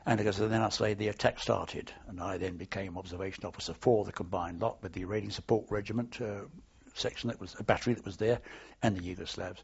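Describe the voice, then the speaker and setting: Husky old man telling war stories. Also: lowish voice, fairly even intonation, fast. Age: older. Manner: rambling anecdotal storytelling with many restarts. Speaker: war veteran interviewee. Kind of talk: oral history interview. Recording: dull lo-fi archive tape.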